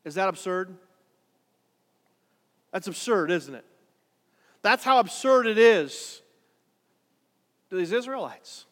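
A man preaching a sermon in a dramatic way, swinging between quiet, drawn-out lines and loud, urgent ones. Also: high voice, expressive, in a large hall. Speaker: pastor.

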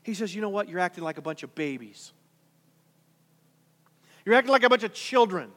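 High-voiced preacher in a reverberant hall. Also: male voice, lively intonation, a little fast, pushed and bright. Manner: conversational, repetitive restarts, rhetorical questions. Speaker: pastor. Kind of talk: sermon.

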